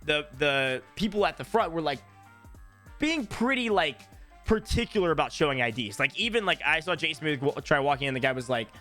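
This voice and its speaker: Young male vlogger, animated storyteller, higher pitch, soft music bed. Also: fairly quick. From Tennessee. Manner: animated, acts out quoted voices. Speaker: YouTuber. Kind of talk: casual storytelling.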